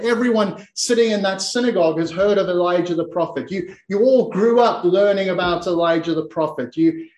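A man preaching a sermon, retelling a scripture scene, often repeating and restarting words and slowing down for emphasis. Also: sits high, roomy sound.

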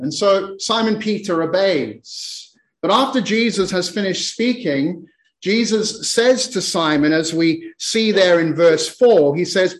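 High-voiced preacher in echoey hall. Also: male voice. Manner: repeats words while speaking, dramatic quoted lines. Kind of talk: sermon retelling scripture.

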